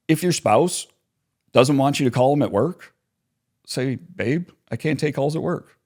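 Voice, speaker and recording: A man's voice: medium pitch, a little mellow. A man talking in a podcast interview, explaining his ideas and acting out both sides of everyday arguments. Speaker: author and counselor, guest.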